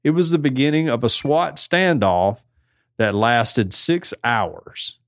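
A man's voice: medium pitch, lively intonation, takes it slowly, a bit bright, no room sound, clean studio sound. A man hosting a casual podcast, reading odd news stories aloud and riffing on them with chuckles. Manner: laid-back, chuckling, reads headlines then riffs. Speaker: podcast host.

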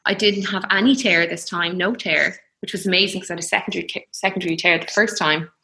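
A young woman telling her birth story in a soft, reflective, emotional way. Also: on the low side, fast talker, slight background noise, low-quality recording. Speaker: guest.

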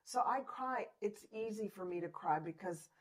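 A woman's voice: medium pitch, animated, normal speed, low-quality recording. A woman co-hosting a chatty show, encouraging her listeners and often breaking into laughter. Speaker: podcast co-host. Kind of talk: casual chat.

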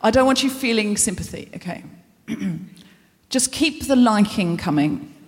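Hosting a live comedy show in a big concert hall, a woman delivers a self-deprecating stand-up monologue packed with rambling asides for the audience. Her medium-pitched voice is expressive and moves at a measured pace.

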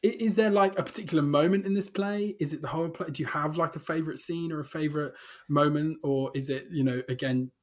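A man interviewing a guest, asking loosely phrased questions. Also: a little high. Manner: quick, loose phrasing with fillers.

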